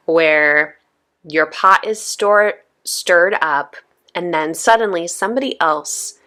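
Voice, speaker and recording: A woman's voice: on the low side, a bit bright. A woman in her thirties hosting a podcast, talking casually and conversationally with lots of asides to her listeners. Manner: chatty, conversational, frequent "right?" and "you know". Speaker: podcast host.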